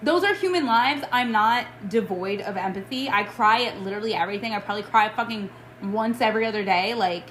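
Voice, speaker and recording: A woman's voice: mid-range voice, a little fast, fairly bright tone, roomy sound, poor audio. Young woman, podcast co-host, blunt, fiery, swears freely, faint background hiss. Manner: blunt, heated, swears a lot. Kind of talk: casual chat.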